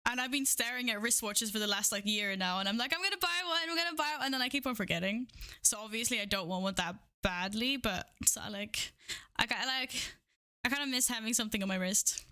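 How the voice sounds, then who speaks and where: A woman's voice: medium pitch, a little fast, bright, forceful tone. A woman livestreamer chatting casually with her viewers, bubbly and giggly as she greets them one by one. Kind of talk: casual live-stream chat. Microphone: streaming microphone, wearing headphones.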